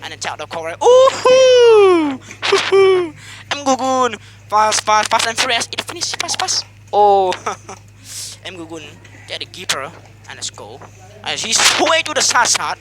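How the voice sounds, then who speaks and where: A man with a high, bouncing voice teases his friends like a sports announcer at an eating contest, repeating names and laughing between calls. The recording is noisy, with clear background sound under his voice. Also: big pitch swings, moderate pace. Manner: teasing, repetitive, laughing often. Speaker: host commentating a mukbang contest. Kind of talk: playful mock sports commentary.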